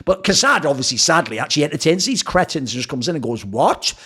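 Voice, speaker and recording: A man's voice: a little high, animated, fast, pushed and bright, slightly rough. A man hosting a show, ranting in a sarcastic, profane, mocking commentary. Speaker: esports commentator and show host.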